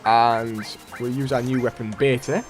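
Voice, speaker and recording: A man's voice: mid-range voice, fairly even intonation, a little slow. Rambling man commenting on gameplay. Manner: rambling, self-correcting. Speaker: let's play host. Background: faint game music.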